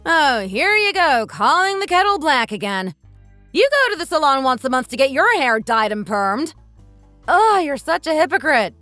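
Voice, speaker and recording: A woman's voice: sits high, sing-song, normal speed, dry recording, soft background music, heavily acted. A woman voicing a sarcastic young wife who talks back bluntly to her mother-in-law in a texting-story drama. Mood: mocking. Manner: sharp, mocking, blunt.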